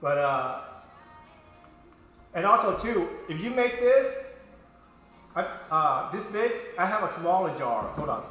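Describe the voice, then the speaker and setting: A man's voice: sits high, big pitch swings, takes it slowly, pauses often, a bit bright. A man, chatting playfully to his viewers as he demonstrates cooking at home. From Vietnam. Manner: chatty, playful, talks to viewers as boys and girls. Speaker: home cook host. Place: home kitchen. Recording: very echoey kitchen, faint music.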